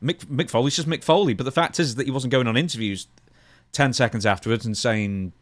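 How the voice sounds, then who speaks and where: A man co-hosting a podcast, talking through points in a measured, thoughtful way. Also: mid-range voice, no echo. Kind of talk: casual podcast chat.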